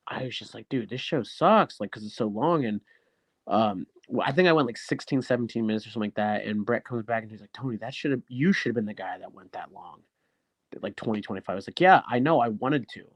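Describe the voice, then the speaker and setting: This man's voice sits lowish and moves briskly, with no echo on the recording. He's a pro wrestler appearing as a guest on an interview show, spinning casual, animated stories full of acted-out dialogue and frequent cursing.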